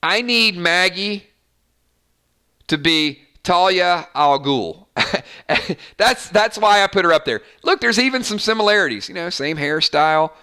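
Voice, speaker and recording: This male channel host has a high, clear, resonant voice and speaks a little slowly. He's from Georgia with a light Southern accent, and he rambles animatedly through a casual fan chat, repeating words often.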